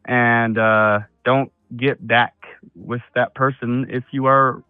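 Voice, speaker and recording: A male caller speaks plainly and calmly through a thin, tinny phone line. Faint music plays behind him. His voice sounds close and dry. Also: mid-range voice, slow pace, clean tone, no room sound. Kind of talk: phone-in conversation.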